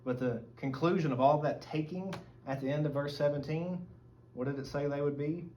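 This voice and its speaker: A man's voice: fairly high pitch, fairly quick, a little mellow. Southern man teaching a men's Bible study. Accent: Southern American. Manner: earnest, reads scripture aloud and explains it. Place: church meeting room. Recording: dull lo-fi recording, faint room noise.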